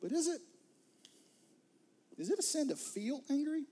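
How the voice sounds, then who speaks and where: A man's voice: extremely high pitch, very animated, unhurried, dark tone. A man preaching a sermon as pastor, earnest, repeating words and sometimes dropping to a near whisper.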